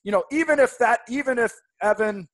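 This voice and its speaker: A man's voice: very high voice, fairly quick, a bit bright, no echo. A man co-hosting a casual podcast, talking enthusiastically and rambling with many restarts. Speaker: podcast co-host.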